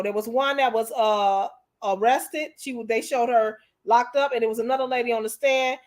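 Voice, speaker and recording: On her YouTube show's casual commentary livestream, the host speaks in a high voice. Her manner is emotional and frank as she addresses viewers straight on.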